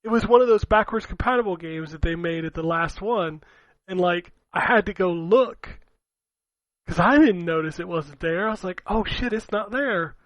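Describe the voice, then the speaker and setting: A man's voice: sits high, moderate pace, no echo, highs cut off. A man co-hosting a gaming podcast, rambling and laughing as he swears his way through casual chat. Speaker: podcast co-host.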